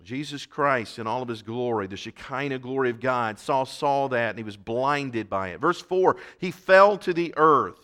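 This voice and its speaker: Emphatic bright-voiced male preacher. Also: mid-range voice, expressive, moderate pace, few pauses. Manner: emphatic, swells loud on key points, repeats words. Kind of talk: sermon.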